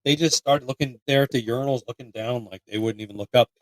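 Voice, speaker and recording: A man in his late twenties from Pennsylvania, co-hosting a podcast and telling a profane, animated story with mock voices. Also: medium pitch, fast, no echo, low-quality recording. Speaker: podcast co-host. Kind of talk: casual storytelling chat.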